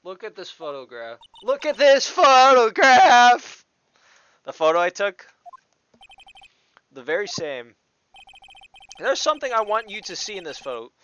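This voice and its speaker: Guy reading as a young defense lawyer, earnest, talks to himself, lively pitch. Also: normal speed, long pauses, lo-fi sound, full character voice. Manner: earnest, self-talking, emphatic.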